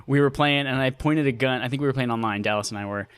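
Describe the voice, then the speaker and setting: Brief: mid-pitched male co-host, playful storyteller, casual. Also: fast, fairly bright tone, smooth, dry recording. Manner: playful anecdotes with funny voices. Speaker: podcast co-host. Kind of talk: casual gaming chat.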